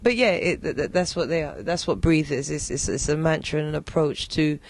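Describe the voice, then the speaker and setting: A woman from London with a British accent, a singer and poet answering interview questions in a reflective, unhurried way with many pauses and restarts. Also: low-pitched, creaky, no room sound. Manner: reflective, hesitant with fillers and restarts. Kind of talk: relaxed interview conversation.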